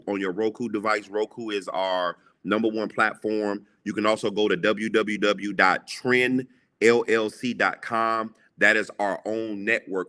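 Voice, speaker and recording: A guest entrepreneur and TV show creator gives an emphatic, preacherly motivational talk, repeating lines for emphasis. His voice is lowish but pushed and bright.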